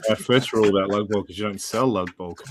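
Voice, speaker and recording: A man chatting in a relaxed, bantering way with friends on a livestream. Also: lowish voice, quick pace, background noise. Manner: easygoing, bantering. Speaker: livestream guest. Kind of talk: casual chat among friends.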